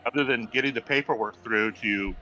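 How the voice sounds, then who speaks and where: A man's voice: fairly low pitch, brisk, bright, forceful tone, faint music behind. A man playing a tabletop game online, making dry jokes and trailing off mid-thought. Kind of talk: casual banter at the game table. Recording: dull lo-fi online call audio.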